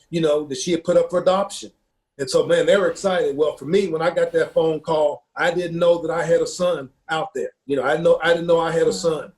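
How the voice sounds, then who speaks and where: A man with a fairly high voice tells a personal story in an earnest, unpolished way. He keeps circling back with little fillers and repeats his words as he goes. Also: a little mellow. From Ohio. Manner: earnest, repeats himself, many fillers like "you know". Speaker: football coach.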